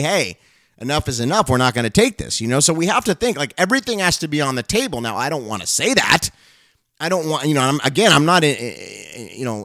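A man's voice: on the high side, fairly bright tone, no echo. A middle-aged male pastor and show host giving an urgent, impassioned monologue that turns into fervent prayer.

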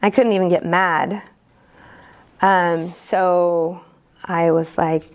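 A woman telling her own recovery story at a support meeting, candid and earnest, halting often with fillers and restarts. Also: fairly low pitch, fairly even intonation. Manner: earnest and emotionally open. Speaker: speaker sharing at a recovery meeting. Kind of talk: personal recovery testimony.

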